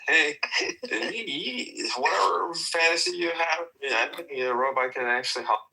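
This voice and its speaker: A man's voice: fairly high pitch, moderate pace, vocal fry, bright, forceful tone, rough recording. A man in a casual podcast chat, explaining things matter-of-factly.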